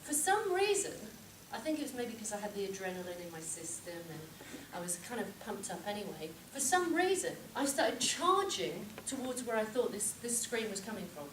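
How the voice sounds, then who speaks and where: A woman giving a humorous club speech, telling a story with lively shouted reenactments. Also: mid-range voice, moderate pace, hardly any pauses. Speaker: contest speaker. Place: club meeting room with audience. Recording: echoey room from far off, noisy.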